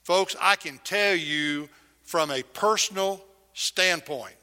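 A middle-aged man preaching a sermon, swinging from loud emphasis to hushed near-whispers. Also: a little high, big-room sound. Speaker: pastor.

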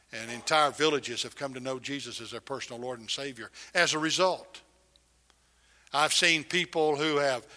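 A middle-aged man preaching a sermon, swinging from loud emphasis to hushed near-whispers. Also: a little high, in a large hall. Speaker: pastor.

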